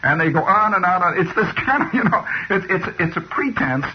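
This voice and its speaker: A man's voice: sits high, expressive, brisk, slightly rough. A man delivering a rambling comic radio monologue. He digresses constantly and keeps restarting with "you know". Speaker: radio host. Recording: dull lo-fi old radio recording.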